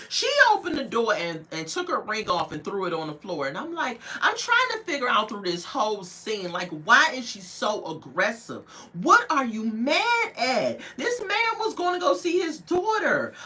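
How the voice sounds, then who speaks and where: Animated, bright-voiced woman giving a gossipy recap. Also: fairly high pitch. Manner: animated, gossipy storytelling with acted-out quotes; outspoken and judgmental. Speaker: TV show reviewer. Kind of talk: casual recap and commentary.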